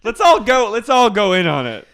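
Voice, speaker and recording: A man voicing a tipsy, eager middle-aged woman who keeps pushing her friends to order more wine, shouting with bursts of laughter. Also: big pitch swings, moderate pace, clear, resonant tone, exaggerated voice. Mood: shrill, pushy. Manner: shrill, shouting, breaking into laughter.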